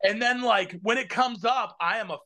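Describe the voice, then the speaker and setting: A man's voice: high voice, moderate pace. A man in his forties chatting casually as a podcast guest, swearing freely and acting out quotes as he tells stories. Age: 40s. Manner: profane, animated storytelling with acted-out quotes. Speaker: podcast guest, band vocalist. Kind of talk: casual chat.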